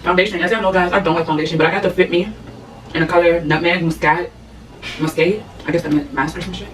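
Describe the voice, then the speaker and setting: A woman's voice: lowish voice, fairly even intonation, quick pace, a little hiss or hum. A young woman in casual, blunt, slangy chat with a friend while she does her makeup. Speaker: beauty vlogger. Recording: echoey room, mic at a distance.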